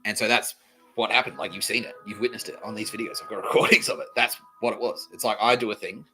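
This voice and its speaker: A man rambles through a comedic monologue on his podcast, peppered with swearing and quick impressions of other people. His voice sits a little low and comes across bright and forceful, with faint music behind him. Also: low-quality recording. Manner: swearing, animated, acts out quoted voices. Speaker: podcast host.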